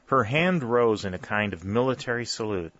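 A man narrating a story in a steady, measured reading. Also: fairly low pitch, dry recording. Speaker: audiobook narrator. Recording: dull, lo-fi dry recording.

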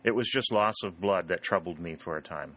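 A man's voice: deep voice, brisk, bright, forceful tone, exaggerated voice. A man reading the plain, matter-of-fact lines of a wounded young soldier.

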